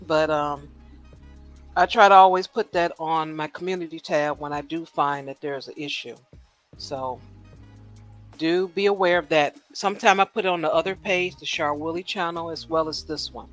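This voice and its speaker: A woman hosting a casual livestream, rambling and animated, firing off rhetorical questions and laughing at her own jokes. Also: fairly low pitch, measured pace. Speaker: livestream host. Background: faint music.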